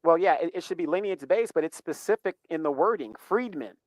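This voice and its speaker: A man's voice: fairly high pitch, lively intonation, fairly quick, dry recording, low-quality recording. A man hosting a casual livestream, giving rambling, emphatic commentary that rises into heated questions. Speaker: livestream host.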